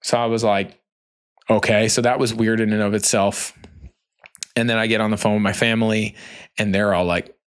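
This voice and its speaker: A man's voice: on the low side, flat delivery, a little fast, clear, resonant tone. Chatty man hosting a solo podcast. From United States. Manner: loose and conversational, heavy on "like" and "you know". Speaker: podcast host. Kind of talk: candid solo podcast talk.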